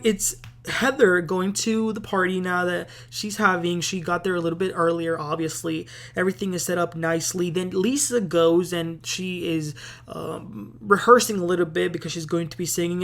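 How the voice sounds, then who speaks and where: A woman hosting a casual TV recap, chatty and opinionated, with plenty of filler words. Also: fairly low pitch. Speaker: host.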